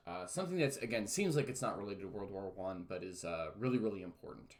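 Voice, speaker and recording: A man with a fairly low voice talks students through an online lesson. His delivery is relaxed and chatty, full of uhs, with easy self-mocking humor. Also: fast, few pauses. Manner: chatty, many fillers, self-mocking jokes. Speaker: teacher. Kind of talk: casual recorded history lesson.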